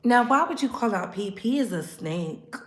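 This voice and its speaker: A woman's voice: mid-range voice, animated, moderate pace, reverberant. A woman hosting a pop culture commentary show, reacting with sass and emphatic remarks. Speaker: commentary host.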